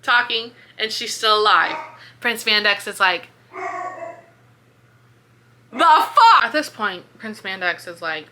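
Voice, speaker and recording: A woman casually retelling a book's plot in a video review, chatty and animated, swearing and filling with "like". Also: medium pitch, normal speed. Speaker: book reviewer. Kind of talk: casual book-review vlog.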